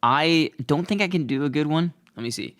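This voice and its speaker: A man's voice: on the high side, brisk, a bit bright. Rambling young male vlog host. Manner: rambling, self-deprecating, loose delivery. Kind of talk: casual comedic monologue.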